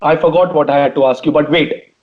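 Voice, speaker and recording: A man's voice: a little high, steady tone, fairly quick, phone-quality sound. A man hosting a radio show, switching between Hindi and English in teasing, mock-dramatic banter. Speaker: radio host.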